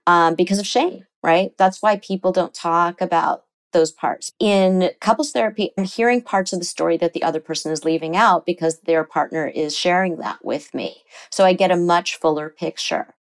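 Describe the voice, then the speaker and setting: A woman psychotherapist speaks as an interview guest, lively and explanatory. Her voice sits on the low side, and she often acts out the voices she quotes. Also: normal speed, hardly any pauses. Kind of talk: conversational interview.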